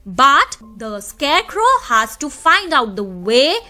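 A woman's voice: high-pitched, big pitch swings, slow, sharp tone. A woman teacher patiently explaining a story, its words and meanings to her students. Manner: patient explaining, addressing kids.

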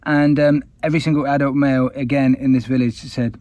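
Man, explorer, candid storytelling, middle-pitched voice, dry close sound. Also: little pitch movement, brisk, warm tone, dry recording, highs cut off. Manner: candid, conversational, self-deprecating. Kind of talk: recounting an expedition story to camera.

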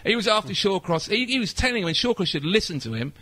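A man's voice: high voice, expressive, fast, pushed and bright, dry recording. A middle-aged English man with an indignant, sarcastic manner, ranting about a football tackle on a podcast. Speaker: podcast host. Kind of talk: heated football rant.

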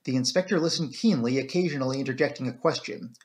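A man giving calm, even first-person narration of a classic mystery audiobook. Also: mid-range voice, quick pace.

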